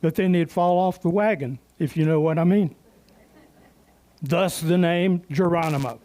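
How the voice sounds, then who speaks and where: A man's voice: a little high, a little slow, warm tone. A man emceeing a club meeting who tells folksy, joking stories and makes announcements.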